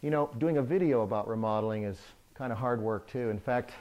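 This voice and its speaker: A middle-aged man, a remodeling contractor, telling a humorous anecdote from his work to the camera in a lively way. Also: medium pitch, a little fast, muffled recording. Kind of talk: storytelling to camera.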